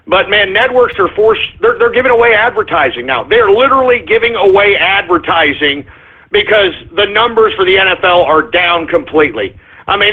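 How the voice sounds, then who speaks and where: A man hosting a talk radio show, ranting loudly and profanely with indignant repetition. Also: sits high, husky. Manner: loud, profane, indignant ranting with repeated catchphrases. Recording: phone-like lo-fi radio audio.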